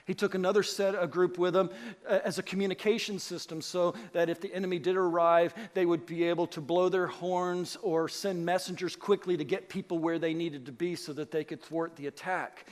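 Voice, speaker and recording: A man preaching a sermon as pastor, animated and emphatic, acting out the voices he quotes. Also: sits high, fairly quick. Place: church sanctuary. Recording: long hall reverb.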